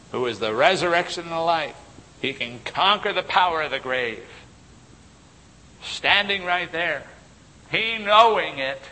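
Slow, bright-voiced preacher in an echoing hall. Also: male voice. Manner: emphatic, swinging from loud declarations to hushed asides. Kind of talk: sermon. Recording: long reverb with faint low rumble.

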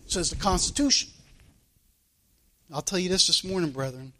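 A man with a notably high-pitched voice preaches an emphatic sermon. He drives his points home with rhetorical questions and repeats phrases for weight. He is an American preacher addressing his congregation. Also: normal speed, pauses often, pushed and bright.

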